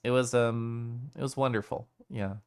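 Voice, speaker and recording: A man's voice: mid-range voice, fairly even intonation, normal speed, darkish tone, clean tone. A male streamer talking casually to his chat, emotional and teary, laughing often between sentences.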